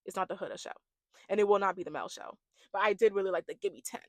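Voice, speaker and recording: A woman giving a gossipy, animated recap of a reality dating show, imitating the cast as she goes. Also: mid-range voice, fast talker, no echo. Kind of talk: casual reaction commentary.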